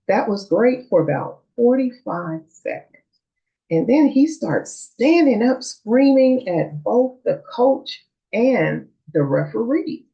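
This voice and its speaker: Middle-aged woman, vlog storytelling, lively swooping delivery, dull lo-fi sound. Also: medium pitch, vocal fry. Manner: animated, chatty with fillers. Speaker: vlogger. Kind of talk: personal storytelling. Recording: dull lo-fi recording.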